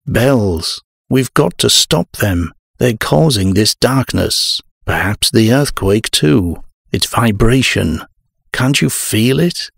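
A man reading the part of a frantic adult male scholar who shouts urgently in an audiobook. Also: on the low side, gravelly, husky, no room sound, studio quality, heavily acted.

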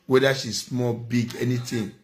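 A man's voice: mid-range voice, steady tone, normal speed. A man with a Nigerian accent giving a ranting vlog commentary, scolding and preaching, repeating phrases for emphasis.

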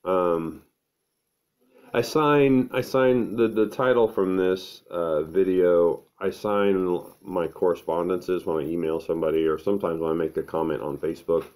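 A middle-aged man, talking to camera at home in an unhurried, earnest, thinking-aloud way. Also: low-pitched, darkish tone. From American Midwest. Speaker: vlogger. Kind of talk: casual to-camera monologue.

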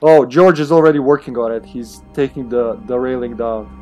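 A man streaming a co-op game, joking with teammates, swearing and yelling in tense moments. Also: mid-range voice, moderate pace, dull audio, soft background music. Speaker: streamer playing co-op online. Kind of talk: casual gaming chat.

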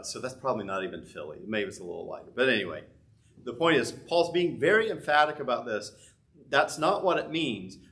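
A man's voice: medium pitch, a bit bright. A man preaching a sermon in a loose, conversational way, thinking aloud with frequent restarts. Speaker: pastor.

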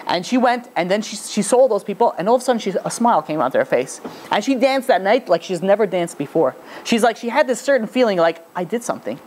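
A man's voice: high-pitched, animated, a little mellow, a little hiss or hum. A man, a rabbi, giving a storytelling lecture in a rambling way full of fillers. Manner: rapid, rambling, filler-heavy talk.

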